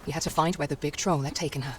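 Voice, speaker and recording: A woman narrating a video game's fairy-tale story in scripted storybook style, calm and measured. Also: low-pitched, slight background noise, close to an everyday voice. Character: gentle female storybook narrator. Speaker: game narrator.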